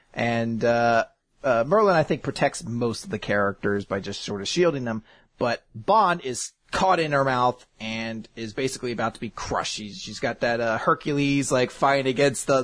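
A man's voice: mid-range voice, fairly bright tone, no echo. A man hosting a casual, rambling recap of a comic, often laughing and swearing. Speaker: host.

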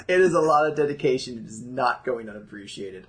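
Lively laughing podcast co-host man. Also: mid-range voice, moderate pace, very noisy. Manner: laughing, swears casually. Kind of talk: casual chat.

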